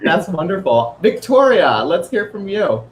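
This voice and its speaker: A man's voice: high-pitched, very animated, measured pace, a little hiss or hum. A man hosting an online author event, talking in a bubbly, playful, chatty way over a video call. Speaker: host. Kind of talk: livestream hosting. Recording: roomy echo with faint music.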